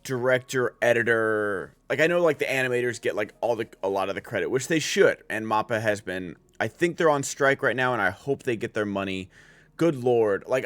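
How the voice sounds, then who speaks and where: A man's voice: mid-range voice, dry recording. A man giving a casual spoken anime review as a streamer, rambling with many filler words and restarts.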